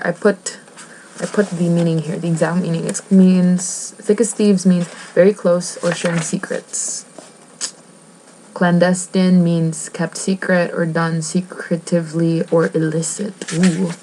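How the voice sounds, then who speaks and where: A woman vlogger with a lowish, slightly mellow voice chats casually while reading a book aloud, rambling, giggling and cutting herself off. The recording is rough, with slight background noise.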